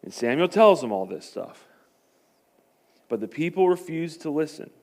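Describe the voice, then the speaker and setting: A man preaching a sermon as a pastor, telling the story with animated swings between loud emphasis and hushed asides. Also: fairly high pitch, normal speed.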